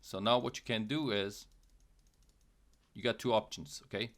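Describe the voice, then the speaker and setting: A young man with a slightly low voice talks viewers through a video game tutorial in a relaxed, chatty way. He repeats key points, keeps saying "okay" and "guys", and breaks into goofy mouth sound effects. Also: moderate pace. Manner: casual, repetitive, checks in with "okay" and "guys". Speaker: gaming channel host.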